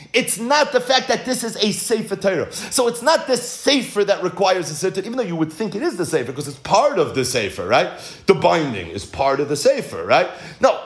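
Animated man teaching a Talmud lesson. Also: sits high. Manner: chants the Hebrew texts in a study-hall singsong, then explains in English; animated, uses rhetorical questions. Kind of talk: Talmud study lecture.

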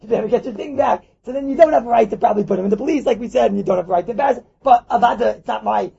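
A man's voice: very high-pitched, rapid-fire, creaky, mellow, husky. A man teaching a Talmud class, acting out little dialogues and repeating his points for emphasis. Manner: acts out dialogues, mixes Yiddish and Hebrew terms, repeats points. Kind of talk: animated Torah lecture. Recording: dull lo-fi recording.

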